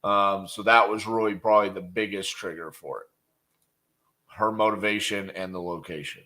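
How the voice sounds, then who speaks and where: A man hosting a casual live stream, chatting and leaving upbeat voicemails to sellers. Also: fairly low pitch. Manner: relaxed and chatty, quick laughs, upbeat on calls. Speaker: real estate wholesaler and channel host.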